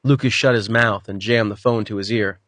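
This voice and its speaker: A man's voice: fairly low pitch, moderate pace, dry recording. Male audiobook narrator with a dry, close sound. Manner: even, storytelling delivery. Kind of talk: scripted narration.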